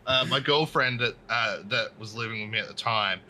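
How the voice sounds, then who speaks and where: A man who is a podcast guest, telling a story in an animated, casual way with many restarts. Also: mid-range voice, normal speed, a little hiss or hum, rough recording.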